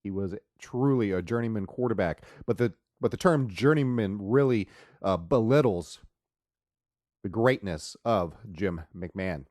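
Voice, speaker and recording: A man hosting a podcast, casually rambling through joking sports stories after a loud, drawn-out opening. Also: lowish voice, lively intonation, dry recording. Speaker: podcast host.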